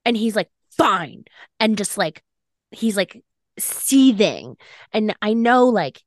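A young woman co-hosts a podcast, speaking slowly in a mid-range voice with no room sound and studio-quality audio. Casual and animated, she tells a personal story, leaning on "like" and acting out quoted lines.

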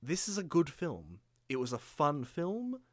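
A man's voice: a little high, wildly swooping pitch, a little slow, a bit bright, no echo, clean studio sound. A man co-hosting a film review podcast, talking casually with hesitant restarts. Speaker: podcast co-host.

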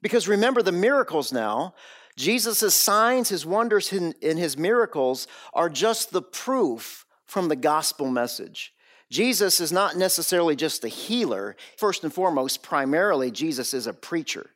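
An emphatic male preacher walks his listeners through a sermon. His voice sits a little higher than most men's, and he stacks repeated phrases and rhetorical questions to drive each point home. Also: very animated, moderate pace, a bit bright. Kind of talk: expository sermon.

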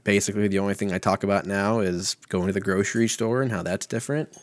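A man in his thirties hosts a solo podcast from home, talking fast in a lowish voice with fairly even intonation. He rambles loosely, swears freely and pokes fun at himself. The recording is close and dry, with no echo.

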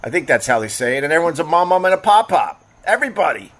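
A man's voice: a little high, sing-song, quick pace, fairly bright tone. A man hosting a casual livestream, rambling bluntly and cursing freely as he reads out comments from his chat. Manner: blunt, profane, rambling and repetitive. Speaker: livestream host reading chat.

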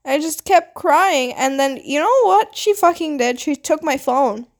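A young adult woman vlogger telling a personal story in a casual, animated way, swearing often and full of "like" fillers. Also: high voice, moderate pace. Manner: animated, dramatic retelling with quoted voices. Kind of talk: storytime monologue.

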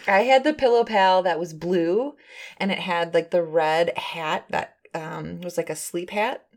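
A woman's voice: fairly low pitch, unhurried. A young woman co-hosting a podcast, chatting casually with lots of fillers as she reminisces. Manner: chatty, nostalgic storyteller with many fillers. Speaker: podcast co-host. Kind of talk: casual chat.

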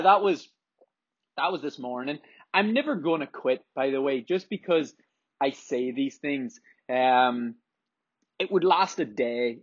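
A man's voice: medium pitch, dry recording. Candid man talking running, dry lo-fi sound. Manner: candid and reflective, swears freely. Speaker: runner sharing his training. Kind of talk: casual spoken monologue.

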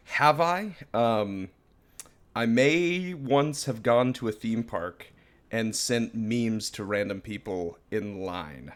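A man's voice: fairly low pitch, slow pace. A young man co-hosting a comedy podcast, rambling through stories and laughing as he talks. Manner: rambling, laughs often mid-sentence. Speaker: podcast co-host. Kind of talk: casual comedic chat.

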